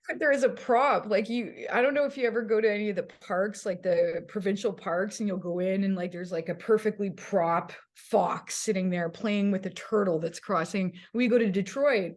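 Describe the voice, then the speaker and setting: A woman's voice: mid-range voice, normal speed, hardly any pauses. A woman, a podcast guest, chatting casually and adding remembered details to a shared story. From Canada. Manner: chimes in with remembered details, laughs along. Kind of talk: casual chat.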